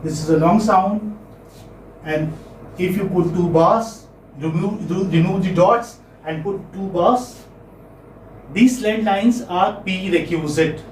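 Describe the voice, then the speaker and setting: A man's voice: high voice, a little mellow, far from the mic, slight background noise. Male teacher lecturing a class with checking questions; echoey classroom, mic some way off. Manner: repeats words, asks checking questions.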